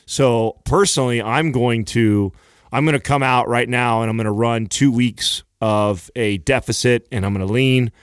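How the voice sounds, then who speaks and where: A man's voice: medium pitch, moderate pace, clear, resonant tone, no room sound, clean studio sound. Blunt, profane man in casual chat. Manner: blunt, profane, easily irritated. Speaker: podcast co-host.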